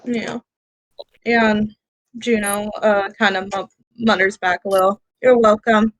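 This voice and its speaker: A woman playing a tabletop game, gently describing what her character does. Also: mid-range voice, steady tone, takes it slowly, a little hiss or hum. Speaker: player.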